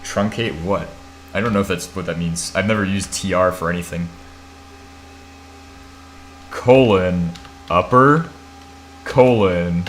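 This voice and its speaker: Speaking low at a measured pace with frequent pauses, a drowsy American man streams live against a faint hiss or hum. In casual chat, he talks through his thinking as he types commands, swearing now and then and making jokes at his own expense.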